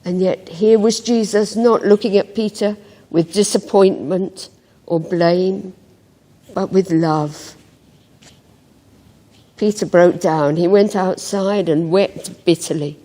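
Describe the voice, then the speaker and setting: Brief: unhurried female devotional reader, mellow tone, long church reverb. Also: fairly low pitch. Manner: slow, gentle storytelling with reflective pauses. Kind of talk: scripted Bible story narration.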